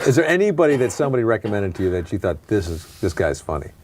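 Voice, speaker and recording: Man, middle-aged comedian guest, lowish voice, easygoing, quick to laugh, casual chat. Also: big pitch swings, darkish tone, a little hiss or hum. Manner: amused, laughs easily, reads jokes aloud.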